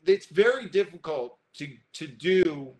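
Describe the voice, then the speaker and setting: A man presenting an online photography workshop, animated and high-energy, talking straight to his viewers while alone at his computer. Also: a little slow. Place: indoors, alone in front of a computer. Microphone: webcam or computer mic, alone talking to a screen.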